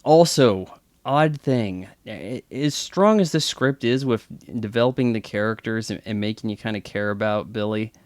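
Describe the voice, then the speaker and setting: A man's voice: lowish voice, moderate pace, hardly any pauses, no room sound. Wry, chatty male movie commentator. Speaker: film commentator.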